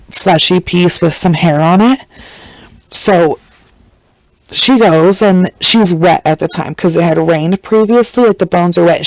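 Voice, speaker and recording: A woman's voice: darkish tone, no room sound, low-quality recording. A woman, hosting a podcast, retelling a true-crime case in casual, blunt storytelling and acting out the people she quotes. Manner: chatty, acts out quotes with shifting pitch; blunt and irreverent. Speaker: podcast host.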